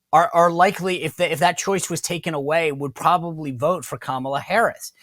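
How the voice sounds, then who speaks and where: Animated man with a dry close sound. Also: fairly high pitch, dry recording. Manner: animated, repeats himself and restarts. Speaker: podcast host. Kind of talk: political interview.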